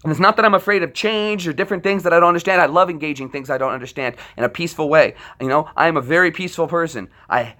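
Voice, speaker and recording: A man's voice: a little high, very fast, few pauses, sharp tone. A man who is a military veteran, ranting on a livestream in an impassioned, profane and rambling way, often restarting his sentences. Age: adult military veteran. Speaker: livestream host.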